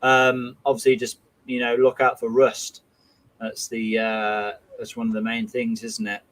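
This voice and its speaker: A man's voice: mid-range voice, monotone, unhurried, fairly bright tone, rough recording. Male livestream host, casual, friendly, filler-heavy chat. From England. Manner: chatty, friendly, many fillers like "you know" and "uh".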